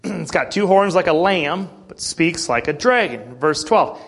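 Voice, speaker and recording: A man teaching a morning Bible class in a conversational way, often clearing his throat and checking in with "okay?" and slowing to stress key words when he reads scripture. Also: on the high side, expressive, a bit bright.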